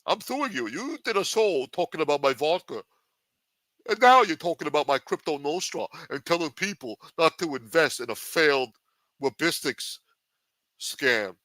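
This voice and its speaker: Brash, profane man, bright voice. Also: a little high, animated, normal speed, no echo. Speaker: livestream show host. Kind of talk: casual livestream chat in a mob boss persona.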